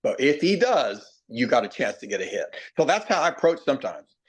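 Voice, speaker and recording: A middle-aged man, a baseball hitting coach, talking in a podcast interview. He tells folksy stories, acts out quoted players and slows down to stress key points. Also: mid-range voice, sing-song, husky. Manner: plainspoken, repeats himself, drawn-out emphasis.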